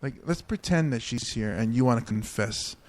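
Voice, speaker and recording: A man's voice: mid-range voice, normal speed. A man hosting a casual comedy podcast, laughing often as he talks. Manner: giggly, laughs constantly, animated. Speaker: podcast host.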